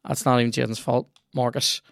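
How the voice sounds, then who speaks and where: While gaming, a man hosting a podcast keeps up casual chatter, swearing liberally and responding aloud to the match. He speaks fairly quickly in a level, gravelly voice of middling pitch. The sound is close and dry with no room sound.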